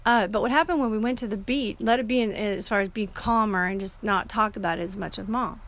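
A woman's voice: mid-range voice, fairly quick, a bit bright. A middle-aged woman telling a personal story in a casual, earnest and emotional way, often restarting her sentences.

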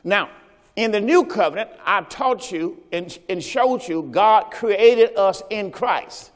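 Lively high-pitched preaching man, hall reverb. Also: takes it slowly. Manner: call-and-response preaching, has the congregation repeat phrases. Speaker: pastor. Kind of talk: sermon. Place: church service.

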